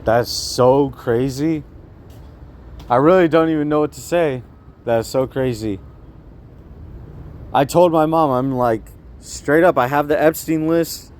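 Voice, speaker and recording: A vlogger with a slightly high, slightly slow voice and a darkish tone films himself on a city street with a handheld phone. His rambling monologue is agitated and repetitive, and he keeps asking the viewer whether they see what he sees.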